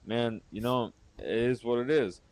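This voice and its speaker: A man's voice: mid-range voice, measured pace, no room sound. A man from Florida hosting a heated live-stream call, drinking as he talks, rambling and combative and repeating himself. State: drinking while talking.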